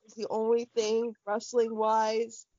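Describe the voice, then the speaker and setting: Young adult woman co-host, excitable rambling talker with a higher voice; muffled, dry recording. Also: no room sound. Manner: excitable, rambling, quick laughs. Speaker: podcast co-host. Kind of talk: casual chat.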